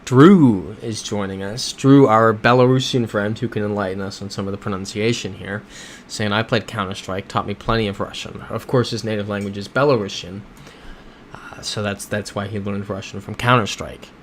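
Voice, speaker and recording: A man's voice: fairly low pitch, steady tone, normal speed, a little hiss or hum. Laid-back man chatting on a livestream. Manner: chatty, reads viewer comments aloud and reacts to them; laid-back, with soft chuckles. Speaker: livestream host. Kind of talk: casual livestream chat while playing a geography game.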